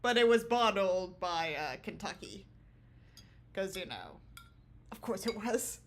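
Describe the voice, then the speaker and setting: A woman's voice: mid-range voice, animated, measured pace. A woman streamer chatting casually with her viewers from home, giggling often and rambling. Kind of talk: casual livestream chat. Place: small home room.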